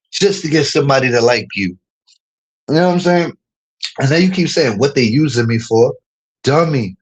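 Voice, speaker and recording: Husky man ranting mockingly on stream. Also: fairly high pitch, poor audio. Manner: heated and mocking, laughs often; keeps saying "you know what I'm saying".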